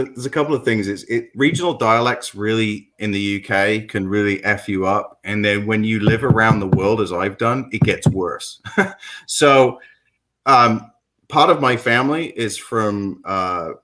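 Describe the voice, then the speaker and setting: Chatty London man, low voice. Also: moderate pace, fairly bright tone, low-quality recording. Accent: London English. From England. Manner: rambling, many fillers and restarts, laughs often. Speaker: guest. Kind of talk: casual chat.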